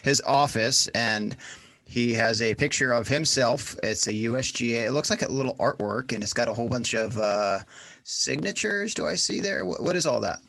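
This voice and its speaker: A man's voice: mid-range voice, normal speed, creaky, a bit bright, no echo. A man hosting a podcast interview in a casual, friendly way, hesitant with many fillers. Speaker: podcast host.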